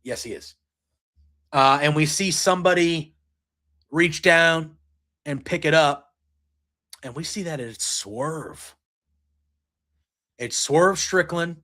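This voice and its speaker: A man hosting a podcast, casually recapping a wrestling show in an excited, rambling way and retelling scenes and lines. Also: on the high side, slow pace, pauses often. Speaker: podcast host. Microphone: streaming setup.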